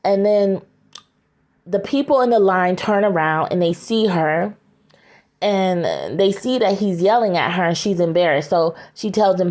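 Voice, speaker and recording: A woman casually retelling a story scene aloud, halting, with frequent fillers and restarts. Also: on the low side, lively intonation, a little mellow.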